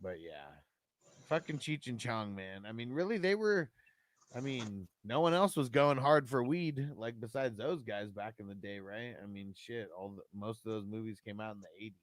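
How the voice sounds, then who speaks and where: A man's voice: lowish voice, lively intonation, moderate pace. A man hosting a livestream in casual chat, laid-back, swearing freely and saying "man" and "dude" a lot. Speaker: livestream host.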